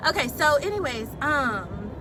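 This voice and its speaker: A woman's voice: sits high, very animated, unhurried. A young woman rambling and venting with lots of swearing as she talks on a live stream from her car. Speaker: vlogger. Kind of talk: casual live-stream chat while driving. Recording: phone audio with loud car noise. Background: road and traffic noise.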